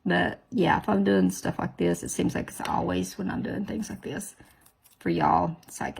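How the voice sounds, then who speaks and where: A woman's voice: lowish voice, normal speed, gravelly, breathy edge. A woman hosting a nail video, chatting casually, self-deprecating and full of exclamations. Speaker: nail tutorial host. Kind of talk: casual chat while doing nails.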